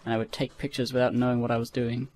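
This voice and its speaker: A young man with an English accent in a casual podcast chat, jokey and rushing through his explanations. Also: mid-range voice, little pitch movement, a little mellow, slight background noise.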